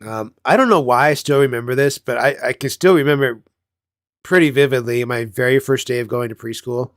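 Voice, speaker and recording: A man's voice: medium pitch, fairly quick, no echo, studio quality. Rambling, foul-mouthed man telling stories. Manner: rambling, profane, laughs at himself. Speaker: channel host. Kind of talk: casual storytelling chat.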